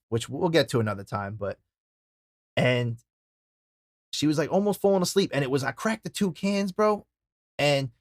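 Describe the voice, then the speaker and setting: A young man hosting a wrestling podcast, telling stories in a loud, profane, casual way. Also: mid-range voice, dry recording, clean studio sound. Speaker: podcast host. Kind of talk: casual chat.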